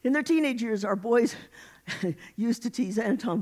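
A middle-aged woman preaching a sermon, animated and exhorting her congregation. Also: on the high side, measured pace, long pauses.

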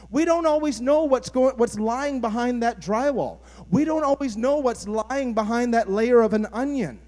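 Pastor guy, pretty high voice, earnest chatty sermon, asks the crowd stuff. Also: a little mellow. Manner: earnest, conversational preaching with audience questions.

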